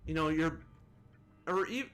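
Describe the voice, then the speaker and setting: Animated and unhurried, a man with a fairly high, fairly bright voice hosts a laid-back gaming commentary video over a slight hiss or hum. He wanders through restarts and side remarks and chuckles at his own jokes.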